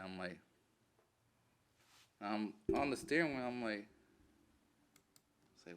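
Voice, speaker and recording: A man who is a military veteran, telling a war story in a casual interview, swearing freely, animated and laughing as he goes. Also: mid-range voice, slow, pauses often, a little hiss or hum.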